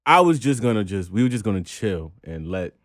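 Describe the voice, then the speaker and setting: A man's voice: lowish voice, sing-song, fairly quick, no echo, studio quality. A man co-hosting a podcast, venting bluntly and profanely, his voice climbing when he gets angry. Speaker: podcast co-host. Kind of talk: casual podcast chat.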